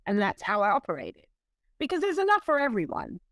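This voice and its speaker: A woman interview guest telling stories in a lively way, acting out quoted voices. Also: mid-range voice, brisk, no echo. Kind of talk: storytelling in conversation.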